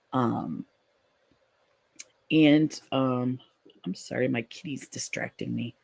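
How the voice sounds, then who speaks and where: Slow and steady in tone, with a mid-range voice, vocal fry and frequent pauses, the host reads viewers' comments aloud during a relaxed live stream. Replies are gentle and supportive, full of ums and restarts.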